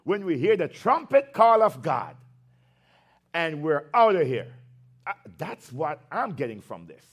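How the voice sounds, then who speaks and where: A man's voice: on the high side, very animated, slightly rough. A male pastor preaching a sermon, drawing out his words for emphasis and breaking into conversational asides between scripture readings. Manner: slow, emphatic preaching with drawn-out phrases.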